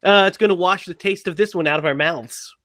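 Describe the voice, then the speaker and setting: A man co-hosting a podcast in casual chat, playful and quick to laugh. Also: sits high, dry recording, clean studio sound. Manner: laughs often, lively and playful. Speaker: podcast co-host.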